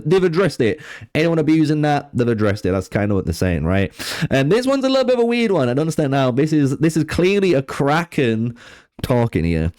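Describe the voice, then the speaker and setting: A man's voice: on the low side, dark tone. A man giving casual game news commentary, chatty and full of fillers, talking to his viewers while he has the hiccups. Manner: chatty, filler-heavy, addresses viewers as guys. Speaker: gaming YouTuber.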